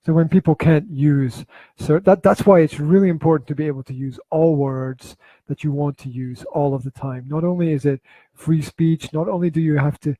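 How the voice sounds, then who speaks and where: A man's voice: a little high, fairly even intonation, normal speed, few pauses, dark tone, no echo. Rambling joking male podcast host. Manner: joking, rambling, many restarts. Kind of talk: casual chat.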